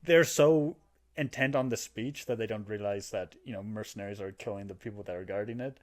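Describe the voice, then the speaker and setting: A podcast co-host with a fairly low voice talks fairly quickly as he casually retells a video game's plot. He's animated, acting out character lines in put-on voices and laughing along the way.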